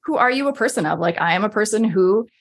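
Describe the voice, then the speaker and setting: A woman's voice: mid-range voice, animated, fast. A woman in a casual podcast chat, talking as a coach, chatty and full of "like", acting out her own inner voice.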